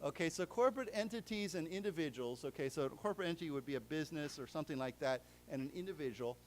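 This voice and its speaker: An American man giving a live English lesson in a library lecture room, explaining words slowly with many fillers and restarts. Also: a little high, lively intonation, slight background noise. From United States. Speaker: English teacher.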